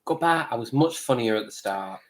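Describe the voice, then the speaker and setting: A man co-hosting a live stream in casual chat, playful and quick with comedy quotes and one-liners. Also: medium pitch, lively intonation, a little hiss or hum, rough recording.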